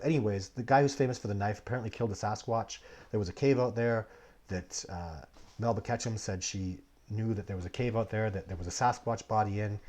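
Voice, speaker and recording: A man with a husky, fairly low voice hosts a casual livestream and answers viewer questions. He tells long, rambling stories full of restarts. His delivery jumps from excited outbursts to quiet, muttered asides. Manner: rambling, digressive storytelling with many restarts; swings between animated bursts and low, muttered asides. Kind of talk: casual live Q&A chat.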